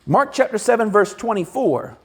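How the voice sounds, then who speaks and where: Preaching a sermon in a church sanctuary, a man speaks in a high, very lively, husky voice that swings up and down at a moderate pace. His delivery is conversational and animated, with small acted-out quotes slipped in.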